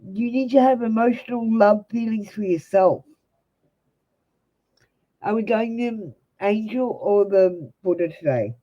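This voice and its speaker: A woman's voice: medium pitch, measured pace, muffled recording. An Australian woman giving blunt, direct tarot readings to viewers on a live stream. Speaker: tarot reader.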